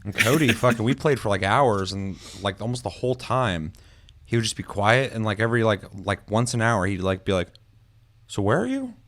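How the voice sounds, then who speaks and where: Low-voiced man telling a rambling gaming story. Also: a little fast, fairly bright tone, a little hiss or hum. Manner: rambling storyteller, heavy swearing, many fillers. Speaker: podcast co-host. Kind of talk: casual gaming chat.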